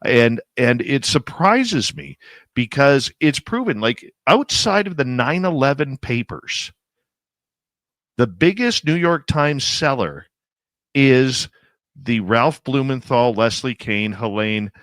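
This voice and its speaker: A male radio host talks with a guest in an easygoing, thoughtful way. His voice is mid-pitched and recorded close and dry, with no room sound. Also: lively intonation, takes it slowly, a bit bright, no room sound. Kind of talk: casual radio interview chat.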